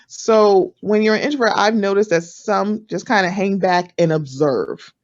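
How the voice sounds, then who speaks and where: A woman giving casual advice on a panel, chatty and playful, acting out quoted voices with sudden jumps in pitch. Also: normal speed, highs cut off.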